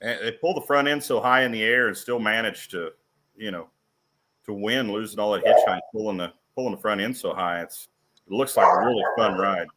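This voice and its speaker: A man's voice: lowish voice, brisk, background noise. A man co-hosting a casual chat, friendly and promotional. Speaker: show host.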